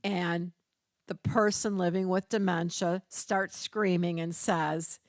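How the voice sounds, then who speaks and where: A woman's voice: on the low side, steady tone, takes it slowly, dry recording, clean studio sound. An older woman presenting a caregiving workshop, teaching through stories and acting out the people she quotes. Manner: storytelling, acts out quoted voices.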